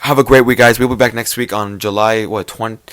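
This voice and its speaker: A young man hosting a casual podcast, loud and joking, swearing often and laughing easily. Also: on the low side, fairly even intonation, brisk. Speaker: podcast host.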